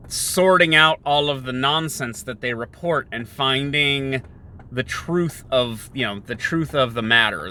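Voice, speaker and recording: A man's voice: medium pitch, pushed and bright. A man hosting a podcast, talking in a rambling, digressive monologue with many restarts while in a car in city traffic. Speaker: podcast host.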